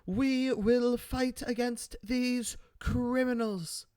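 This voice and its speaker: Here is a stern female prime minister in full outrage, as a man puts her on. The voice is pushed high and loud, each word laid out slowly and gravely. The sound is dry and close. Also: steady tone, no echo, exaggerated voice. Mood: indignant.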